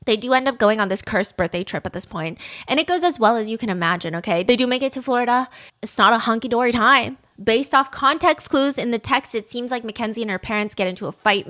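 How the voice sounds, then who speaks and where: A woman's voice: on the high side, quick pace, a bit bright. A woman hosting a podcast, telling a story in a casual, sarcastic, profane way. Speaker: podcast host. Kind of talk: casual true-crime storytelling.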